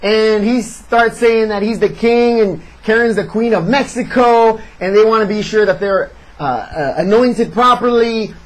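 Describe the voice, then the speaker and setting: A man reviewing a wrestling show in casual chat, sarcastic and animated as he recaps. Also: sits high, a little slow, hardly any pauses, low-quality recording.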